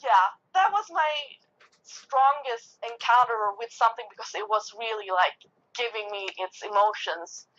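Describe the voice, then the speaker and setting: Woman, phone guest; bright, high-ish voice, giggles through her story, dull phone sound. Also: moderate pace. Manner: giggly, laughs often while telling. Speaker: guest medium and empath. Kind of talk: casual storytelling over a phone line. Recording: lo-fi phone line.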